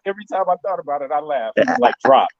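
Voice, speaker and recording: A man in casual chat, telling an army story with excitement and bursts of laughter. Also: a little high, rapid-fire, no echo, dull audio.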